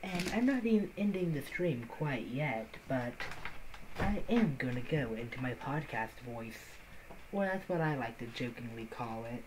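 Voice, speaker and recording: Low, quiet monotone woman streamer. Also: a little hiss or hum, poor audio. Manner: deliberately quiet, monotone "podcast voice". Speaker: streamer making game music. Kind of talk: casual live-stream chat. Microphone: close to the microphone. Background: her own music track playing softly.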